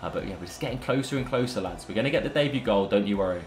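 Excitable lad commentating gameplay. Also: male voice, on the low side, very fast. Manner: excitable, banter-filled, addresses viewers as lads and boys. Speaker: gaming YouTuber. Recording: roomy echo, faint background music.

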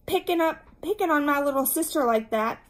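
A woman's voice: high voice, expressive, brisk, voice pushed up. A woman voicing a bossy, fretful older schoolgirl scolding her little sister in a read-aloud storybook. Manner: scolding, ordering.

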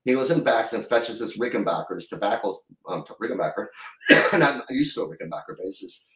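A middle-aged man telling a long story as a guest in an interview, rambling and halting, with many restarts. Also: fairly low pitch, animated, a bit bright, echoey room, far from the mic, low-quality recording. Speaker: guest musician.

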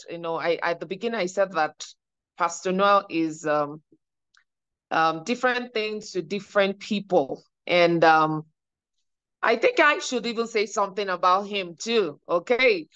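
A woman's voice: medium pitch, a little slow, fairly bright tone, clear, resonant tone. A woman hosting an online church service, cheerfully calling on each speaker in turn. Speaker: service host. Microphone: video call. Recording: dull, lo-fi call audio.

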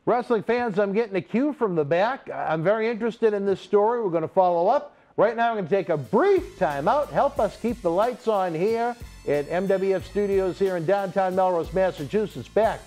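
A man's voice: high voice, normal speed, few pauses, a little mellow, soft background music. A male interview host in upbeat broadcaster patter, cutting to a break. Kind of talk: talk-show host segue.

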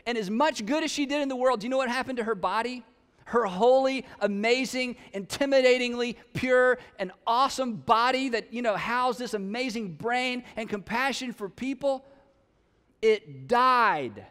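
High-voiced pastor preaching in a reverberant hall. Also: male voice, normal speed, clear, resonant tone. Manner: conversational and animated, mimics listeners' voices. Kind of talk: sermon. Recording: long reverb of a large hall.

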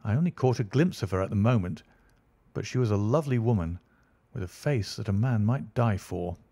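A man narrating an audiobook in a measured storytelling delivery. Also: lowish voice, animated, dark tone, breathy edge, dry recording.

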